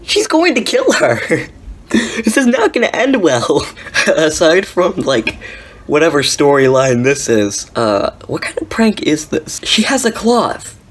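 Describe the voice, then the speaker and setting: A woman's voice: sits low, sing-song, slow, husky. A young woman giving sarcastic, incredulous reaction commentary on prank videos, laughing often. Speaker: commentary YouTuber.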